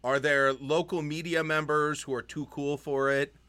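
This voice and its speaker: A man co-hosting a casual sports podcast, talking in an animated, chatty way. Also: a little high, normal speed, clear, resonant tone. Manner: animated, puts on a mock Irish accent at times. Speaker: podcast co-host. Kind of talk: casual chat. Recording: remote call recording.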